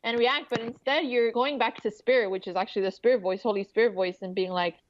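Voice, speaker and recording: An earnest woman speaks in a fairly high voice about spiritual growth in a relaxed interview. She slips into quick character voices for her inner thoughts. The line sounds dull and lo-fi. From Miami area resident. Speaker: author guest. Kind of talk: casual interview chat.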